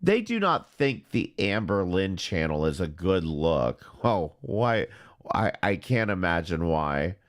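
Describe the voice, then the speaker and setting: A man hosts a casual commentary show and delivers his remarks slowly and sarcastically. His voice sits low, but it rises and falls a great deal. The whole delivery stays dry and deadpan. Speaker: commentary channel host.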